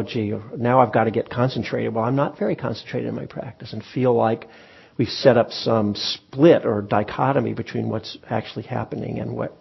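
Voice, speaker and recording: A man teaching meditation to a group, speaking in a relaxed, conversational way with frequent pauses and restarts. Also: medium pitch, vocal fry, breathy edge, muffled recording. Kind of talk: dharma talk. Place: meditation hall with audience.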